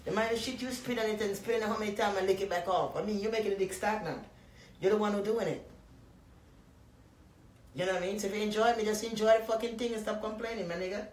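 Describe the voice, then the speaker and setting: A woman from Jamaica with a Jamaican accent, talking loudly and profanely to her live-stream viewers in a casual, rambling way, often breaking into laughter. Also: medium pitch, fast, roomy sound. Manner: profane, loud and animated with frequent laughs.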